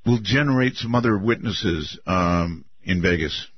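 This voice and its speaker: Older radio talk host, husky and musing, muffled dry broadcast sound. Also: male voice. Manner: musing, drawn-out, lively pitch swings. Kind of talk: late-night call-in radio.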